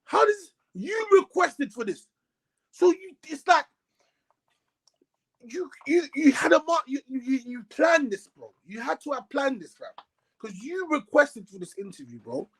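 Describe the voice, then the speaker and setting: Ranting high-voiced man. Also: moderate pace, rough recording. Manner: animated, ranting, repeats words, London slang. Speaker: co-host. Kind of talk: heated casual football chat.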